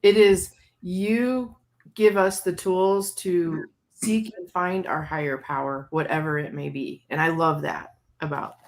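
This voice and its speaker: Woman host with a lowish voice asking friendly questions. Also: fairly even intonation, a little slow. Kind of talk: interview conversation.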